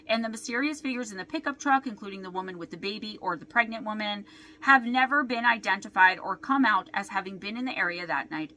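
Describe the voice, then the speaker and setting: Bright-voiced woman reading a mystery aloud. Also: medium pitch. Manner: skeptical, poses many rhetorical questions. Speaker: author and video host. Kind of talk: reading her own mystery book aloud.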